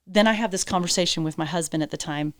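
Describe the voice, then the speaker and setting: A woman's voice: lowish voice, fast, dry recording, clean studio sound. A woman guest on a podcast, a horse trainer telling her story candidly, with emphatic, blunt phrasing and casual swearing. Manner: acts out quoted dialogue.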